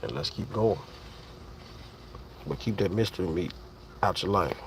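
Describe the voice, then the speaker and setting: A man's voice: low voice, a little slow, slight background noise. A man, talking casually and profanely to his viewers on a livestream, rambling and speaking straight to the chat.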